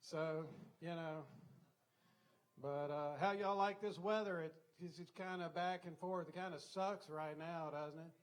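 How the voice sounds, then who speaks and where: A man's voice: a little high, fairly even intonation, unhurried. An older man with a Southern US accent doing a folksy stand-up routine on a comedy club stage, full of chatty "you know" asides.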